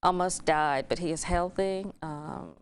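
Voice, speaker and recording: A woman from Alabama with a Southern accent, a former TV news anchor talking in a casual interview, warm and talkative. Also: fairly low pitch, fairly even intonation, a little slow, slight background noise. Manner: warm, talkative, laughs easily.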